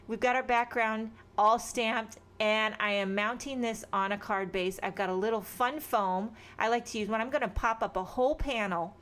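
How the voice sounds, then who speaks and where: A woman's voice: fairly high pitch, moderate pace, a bit bright. Chatty woman giving a crafting tutorial. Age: adult with children. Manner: chatty, rambling, self-deprecating asides. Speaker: card-making instructor.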